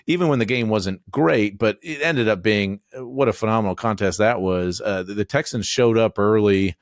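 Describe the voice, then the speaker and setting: Sports podcast co-host, forties, very deep voice, dry close sound, self-deprecating humor. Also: male voice, moderate pace, no echo. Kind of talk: casual sports chat.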